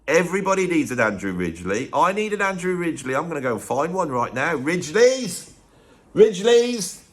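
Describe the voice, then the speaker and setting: A man's voice: on the high side, sing-song, quick pace, a bit bright. A man hosting a ranked music commentary, chatty and opinionated with joking asides. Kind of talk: casual ranked commentary monologue.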